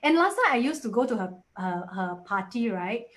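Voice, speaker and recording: A woman's voice: fairly high pitch, big pitch swings, moderate pace. A woman in her forties with a Singaporean English accent, talking casually and animatedly as a guest in a webinar, often acting out quoted voices.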